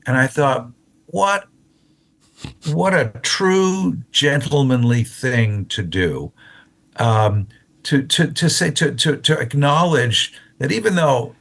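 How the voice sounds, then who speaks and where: A man in his seventies, an actor telling stories as a guest in an interview, who restarts and repeats words and stretches some words out slowly. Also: medium pitch, sing-song, gravelly, a bit bright. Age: 70s. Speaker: actor and voiceover artist, guest. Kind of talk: casual interview storytelling.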